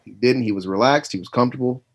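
Emphatic husky-voiced man. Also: mid-range voice, fast talker. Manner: emphatic, insistent, repeats himself. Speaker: podcast co-host. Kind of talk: casual chat.

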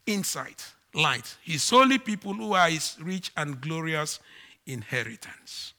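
A man preaching a sermon to his congregation, slow and emphatic, with dramatic swings in pitch and volume. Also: very animated, pushed and bright. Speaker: pastor.

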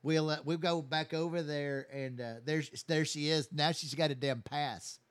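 A man's voice: fairly high pitch, steady tone, moderate pace, fairly bright tone, clean tone, dry recording. A man telling a long, rambling, profane story in casual chat. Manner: rambling, profane, many restarts.

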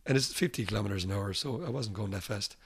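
A quick-talking man with a low, creaky, slightly rough voice is the guest here, a musician from Ireland. His interview anecdotes are casual and animated, with impersonations of others and plenty of laughter.

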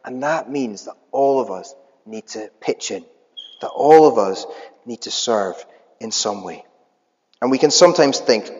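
A male preacher delivers a sermon in a relaxed, conversational way, pausing on filler words. His mid-pitched voice carries through a church hall with long reverb. The recording sounds dull and lo-fi.

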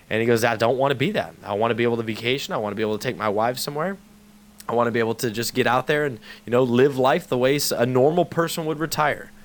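A man hosts a radio show, retelling a conversation and pitching an offer from a sponsor. He's a fast, animated storyteller who acts out both sides of the exchange, and his promotional delivery sounds urgent.

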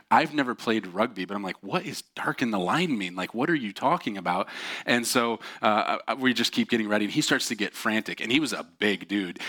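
Bright-voiced man telling a sermon story. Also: low voice. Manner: animated storyteller, acting out quoted voices. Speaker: pastor.

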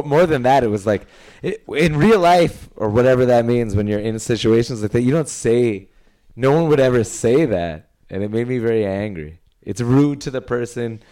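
A man from New York co-hosting a podcast, telling stories in a dry, deadpan way. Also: on the low side, clear, resonant tone. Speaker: podcast co-host. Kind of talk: casual chat.

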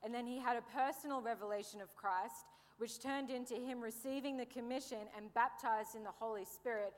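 A young woman preaching a sermon in a lively way, with joking asides and calls for an amen. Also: fairly high pitch, fairly quick. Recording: long hall reverb.

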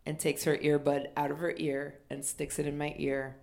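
A middle-aged woman comedian telling a funny story, animated and acting out other people with loud exclamations. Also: sits low, normal speed, creaky, hardly any pauses. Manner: animated, acts out quotes with shouted exclamations.

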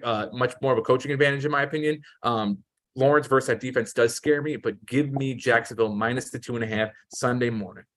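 Ranting sports betting co-host, man. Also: mid-range voice. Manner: animated, profane, ranting. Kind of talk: casual podcast chat.

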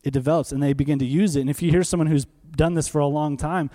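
Guy in his 30s preaching, chatty and animated, slightly high voice but mellow and warm. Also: fast talker. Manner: animated, conversational preaching with rhetorical questions. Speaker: pastor. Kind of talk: sermon.

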